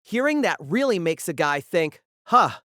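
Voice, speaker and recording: A jittery young man who covers his nerves with sarcastic quips, as a woman puts him on. The voice sits low for her, and its pitch swings widely from line to line. The recording is dry and close. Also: big pitch swings, measured pace, fairly bright tone, dry recording. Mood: wry. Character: anxious, wisecracking young man. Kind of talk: audiobook character voice.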